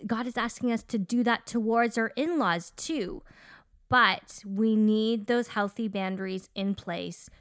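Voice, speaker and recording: A woman's voice: on the high side, a little slow, a bit bright, no echo, clean studio sound. A woman co-hosting a podcast in casual conversation, speaking in a reflective, affirming way. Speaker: podcast co-host.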